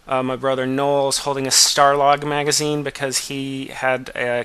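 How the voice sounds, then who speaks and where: A man's voice: medium pitch, sharp tone, smooth. A man in his forties giving a wry, self-deprecating director's commentary on his own childhood film. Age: 40s.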